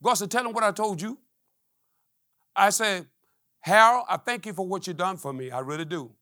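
A middle-aged man preaching a testimony sermon, telling stories with quoted dialogue and rising to shouts. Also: high-pitched, moderate pace, no echo, studio quality. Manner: call-and-response preaching, climbing to shouts.

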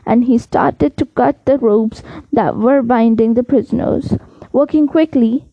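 Slow, careful woman storybook reader. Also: high voice, dry recording. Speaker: audiobook reader. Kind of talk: storybook narration. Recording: dull dry lo-fi recording.

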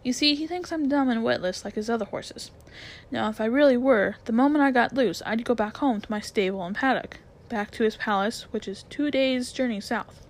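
Proud talking horse, bossy and brisk, kinda high voice, read by a woman. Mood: scheming. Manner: brisk, commanding, scornful. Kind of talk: storybook read-aloud.

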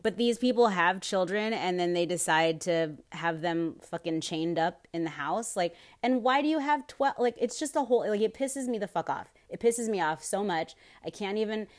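A woman's voice: fairly low pitch, normal speed. Fired-up, swearing woman podcast host. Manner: rambling, swears freely, gets fired up with outrage. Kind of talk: casual solo podcast talk.

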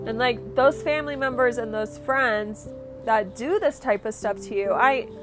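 A woman's voice: medium pitch, a bit bright. Profane, rambling woman podcaster. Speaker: podcast host. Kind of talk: casual solo podcast rant.

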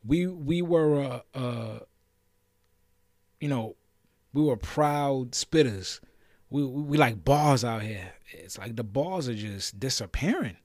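A man from Brooklyn with a New York accent hosting a podcast, ranting with passion and challenging listeners, his voice swinging between loud and low. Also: animated, slow pace, no room sound, clean studio sound. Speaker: podcast host. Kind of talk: impassioned solo podcast rant.

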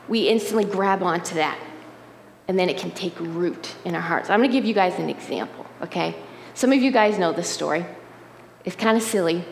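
A woman giving a sermon, telling a personal story in a conversational, animated way, often checking in with the listeners. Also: mid-range voice, a little hiss or hum. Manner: conversational, animated storytelling with frequent "right?" asides. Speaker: preacher. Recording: roomy hall reverb, faint ambience.

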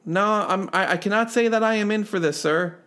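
This co-host of a casual movie podcast has a high voice with a sharp tone and a brisk delivery. He's chatty, stammering and restarting in rambling bursts loaded with fillers.

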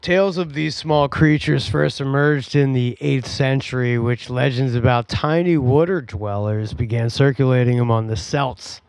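A man's voice: medium pitch, normal speed, gravelly, hardly any pauses, darkish tone, clean tone, no echo. A man hosting a podcast in casual chat at home, rowdy and joking, swearing and laughing a lot. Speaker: podcast host.

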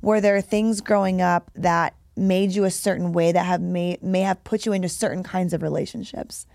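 Woman, podcast host, conversational interview, gently probing, gravelly, dry sound. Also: fairly low pitch, steady tone, moderate pace, dry recording.

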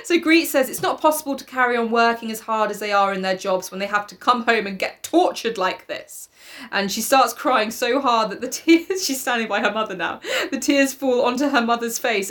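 A woman's voice: on the high side, fairly bright tone. A woman co-hosting a podcast who reads a book aloud, breaking off often to giggle and joke in casual chat.

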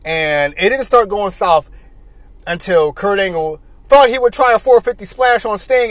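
A man hosting casual commentary and telling animated stories with frequent laughter. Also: very high-pitched, moderate pace, no room sound. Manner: animated storytelling, laughing often. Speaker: host.

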